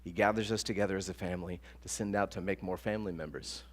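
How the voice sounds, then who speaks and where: A man preaching a sermon as pastor, telling stories with lively acted-out quotes. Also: low-pitched, fast. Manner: animated storytelling with acted-out quotes. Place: church sanctuary. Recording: long church reverb with soft guitar.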